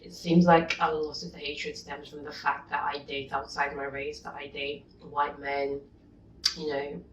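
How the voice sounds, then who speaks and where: Low-voiced woman ranting in an echoey room. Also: little pitch movement, measured pace, a little hiss or hum. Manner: exasperated, indignant, swings from low mutter to loud outburst. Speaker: YouTuber. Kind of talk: vlog rant reading comments. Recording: dull echoey room, mic at a distance.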